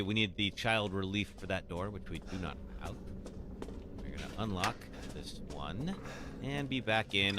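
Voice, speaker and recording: A man's voice: on the low side, background noise. A man live streaming a horror game, chatting casually with wry, joking remarks. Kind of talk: casual gameplay commentary.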